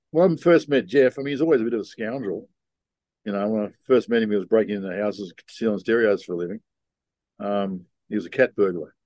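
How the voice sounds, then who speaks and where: A man's voice: on the low side, a little mellow, no room sound. An older man, a podcast guest telling stories in a frank, rambling way with many ums and restarts. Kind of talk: casual storytelling conversation.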